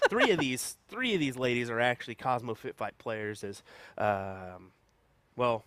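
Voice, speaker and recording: A man's voice: mid-range voice, lively intonation, unhurried, a bit bright, smooth, no echo. A man co-commentating live darts, laid-back, telling stories and poking fun at himself. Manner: laid-back, tells anecdotes, self-deprecating.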